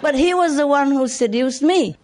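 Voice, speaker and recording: An older woman whose first language is Vietnamese, a spiritual teacher telling life stories to followers in a chatty way, laughing often and pausing with many fillers. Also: high-pitched, darkish tone. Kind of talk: storytelling talk to followers.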